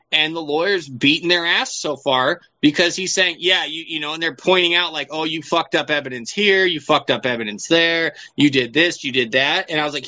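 A man with a bright, forceful, slightly high voice chats casually as a podcast co-host. He rambles and swears, using lots of fillers, on a dull lo-fi recording.

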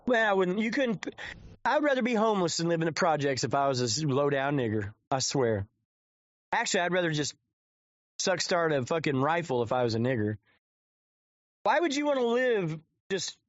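A man with a slightly high voice rambles through profane live-stream commentary. The recording is dry and a bit dull, like a cheap mic in a dead room. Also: a bit bright, no room sound. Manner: crude, rambling, swears constantly.

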